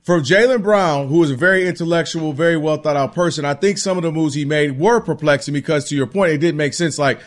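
A man co-hosting a sports talk show in a casual, animated way, often slipping into players' voices when he quotes them. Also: on the high side, fast, hardly any pauses.

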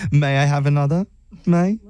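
A man voicing a cheeky, condescending airline customer care agent in a deliberately bad British accent. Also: a little high, mellow, clean tone, lightly acted. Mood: smug teasing. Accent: bad put-on British. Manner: teasing, smug, condescending.

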